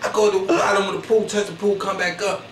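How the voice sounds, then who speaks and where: A man's voice: high voice, level tone, fast. Slangy man, echoey and distant. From Philadelphia. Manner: slangy, boastful, rambling with constant "you know what I'm saying". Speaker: comedian. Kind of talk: comedic storytelling monologue. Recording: echoey, distant mic with faint noise.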